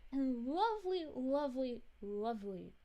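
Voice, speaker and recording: A woman playing a gentle, sweet space princess as a VTuber, chatting with her live-stream viewers in a soft, bubbly voice with frequent giggles. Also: high-pitched, big pitch swings, slow pace, heavily acted. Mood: cheerful. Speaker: VTuber streamer reading chat. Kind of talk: live-stream chat in character.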